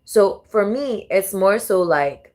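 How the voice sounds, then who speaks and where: A woman vlogger chatting casually over music she plays, working things out aloud as she goes. She talks in a mid-pitched voice, swears freely, and keeps stopping to restart her sentences. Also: lively intonation, slow, a little mellow. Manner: casual, profane, thinking aloud with many restarts. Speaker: tarot and astrology vlogger. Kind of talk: casual commentary while playing songs.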